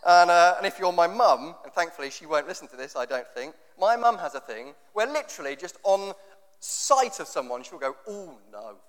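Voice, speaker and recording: A man's voice: high voice, expressive, fairly quick. A man preaching a sermon in a conversational, jokey way, often acting out what people say. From England. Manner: conversational, jokey, acts out quotes. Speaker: pastor. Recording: long hall reverb.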